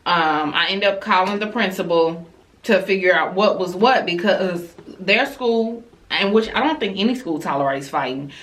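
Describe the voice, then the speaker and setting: Bright-voiced woman telling an animated story. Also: rough recording. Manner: animated storyteller, jumping high when retelling her reactions; casual and conversational, addresses viewers directly. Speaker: mother telling a family story to her channel. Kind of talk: story-time vlog.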